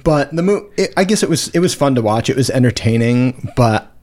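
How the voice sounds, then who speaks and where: A man's voice: mid-range voice, expressive, fairly quick, a little mellow. A young man in casual podcast chat, rambling with many "like"s and casual swearing.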